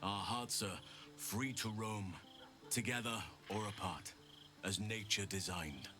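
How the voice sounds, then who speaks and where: An actor playing an earnest male druid companion in a video game, speaking in a measured, gentle and formal way. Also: on the low side. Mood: warm. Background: game music.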